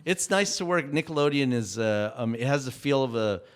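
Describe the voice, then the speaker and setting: Smooth-voiced man telling stories. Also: mid-range voice, animated. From Mexican heritage. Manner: storytelling, halting with many restarts. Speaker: guest, cultural consultant for an animated show. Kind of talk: casual podcast interview.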